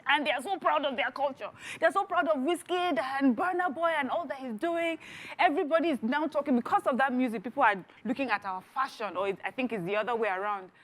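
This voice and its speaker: A woman co-hosting a TV talk show, making measured, reflective points in a panel discussion. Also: sits high. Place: TV studio.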